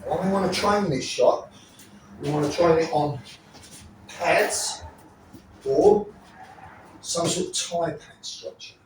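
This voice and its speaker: A man's voice: a little high, takes it slowly, long pauses, distant mic, a little hiss or hum. A man teaching self-defense moves, blunt and profane, often checking in with the listener. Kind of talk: demonstration teaching. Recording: echoey room, off mic, faint ambience.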